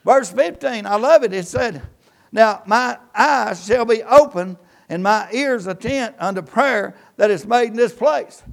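A pastor delivers a church sermon, his voice pitched high for a man and full of gravelly fry. He quotes scripture and swells and drops his emphasis as he preaches. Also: measured pace. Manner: preaching with rising and falling emphasis, quoting scripture.

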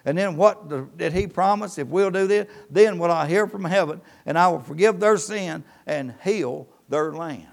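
Gravelly high-voiced pastor preaching. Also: male voice. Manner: preaching with rising and falling emphasis, quoting scripture. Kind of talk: Southern church sermon. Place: church.

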